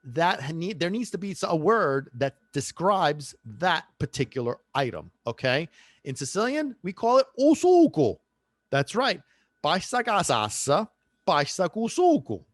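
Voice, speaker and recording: A man's voice: on the high side, measured pace, no room sound. A man hosting a solo podcast talks in a loose, joking way and slips Italian phrases into his talk. His voice rises and falls a great deal. It is recorded close and dry, with no room sound. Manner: animated, playful, drops into Italian phrases. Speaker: podcast host. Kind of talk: casual solo podcast rant.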